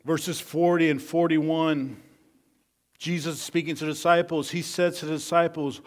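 A man preaching a sermon as pastor, swinging from loud bursts to hushed near-whispers and repeating key phrases for emphasis. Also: a little high, flat delivery, moderate pace.

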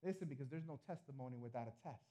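A male pastor preaching a sermon to a congregation, emphatic, with his voice swelling loud and then dropping low. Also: expressive, racing. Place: church.

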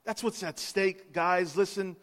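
A male pastor preaching an Easter sermon with passion, swinging between hushed lines and loud outbursts. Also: high-pitched, fairly even intonation, measured pace. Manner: impassioned, swings from hushed to loud, acts out quotes. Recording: long hall reverb.

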